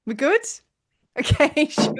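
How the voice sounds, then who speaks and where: A chatty woman leading a spiritual class over a video call. Her voice sits a little high and she gushes, laughing often and full of fillers. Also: big pitch swings, slow, slight background noise. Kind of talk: casual group teaching.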